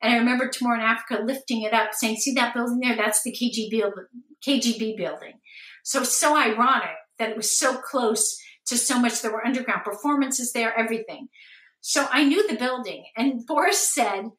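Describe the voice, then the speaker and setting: Woman guest spinning animated stories, bright tone, roomy echo, kinda far from the mic. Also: fairly high pitch, a little fast. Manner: animated, acts out quoted voices. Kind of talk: lively storytelling interview.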